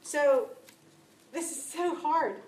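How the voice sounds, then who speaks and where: A woman giving a spoken testimony to a church audience, telling stories with lively acted-out dialogue. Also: high voice, slow. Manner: animated storytelling, acting out dialogue. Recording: echoey room, distant mic, faint noise.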